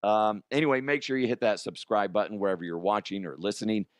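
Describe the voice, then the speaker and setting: A man hosting a casual comedic news show, his voice hoarse and strained, joking crudely and laughing often. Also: on the low side, fast, dry recording, studio quality. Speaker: podcast host.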